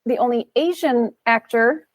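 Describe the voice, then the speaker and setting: A woman's voice: a little high, a little slow, no room sound. A woman guest on a podcast, speaking casually in a thoughtful, earnest way. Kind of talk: casual chat.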